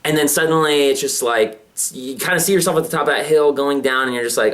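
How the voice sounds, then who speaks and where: A man's voice: mid-range voice, fairly even intonation, fairly quick, few pauses, fairly bright tone. A man in his twenties, a vlogger, telling a personal story in a rambling way with many fillers and restarts. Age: 20s. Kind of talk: personal confessional vlog.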